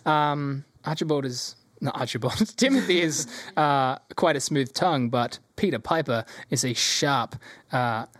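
Brief: rambling tabletop game master, middle pitch, dry mic. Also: measured pace, dry recording. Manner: rambling, with many ums and laughs.

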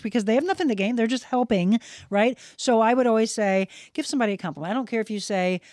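A woman's voice: fairly high pitch, very fast, hardly any pauses, darkish tone, no room sound, studio quality. A woman guest on a podcast, telling a heartfelt personal story in casual chat, earnest and sincere.

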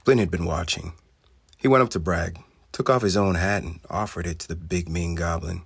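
Deep-voiced man reading a storybook. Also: normal speed, creaky, breathy edge, no room sound.

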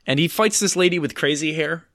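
A man's voice: on the high side, a little fast, a bit bright, dry recording. A man co-hosting a casual movie chat, sarcastic and rambling, with lots of fillers. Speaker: podcast co-host. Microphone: close to the mic.

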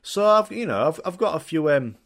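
A man's voice: fairly high pitch, very animated, a little fast. A young man hosting a podcast, rambling through a sweary, jokey comic monologue. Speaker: podcast host. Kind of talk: casual comedic monologue.

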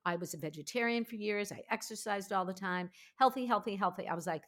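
A woman in her fifties, a podcast host, telling her own story in a candid, emphatic, animated way. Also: medium pitch, quick pace, hardly any pauses. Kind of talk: candid conversational interview.

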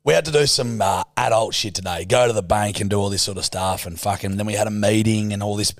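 A man's voice: on the low side, fast, no room sound, clean studio sound. A young man co-hosting a podcast, telling a story in casual banter and swearing freely. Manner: swears a lot, animated storytelling. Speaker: podcast co-host.

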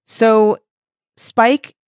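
A woman's voice: on the high side, steady tone, drawn-out words, darkish tone, clear, resonant tone, no echo, studio quality. A woman co-hosting a podcast, recapping a TV episode in casual chat, full of ums and likes and casual swearing. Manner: chatty, lots of fillers like um and like, swears casually. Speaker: podcast co-host.

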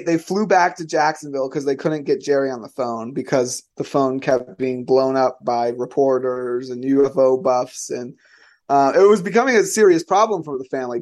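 A man recounts an odd tale in a relaxed, rambling way. His voice sits a touch high, and he keeps dropping in "um" and "like" as he goes. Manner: chatty, many fillers and "like". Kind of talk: casual storytelling.

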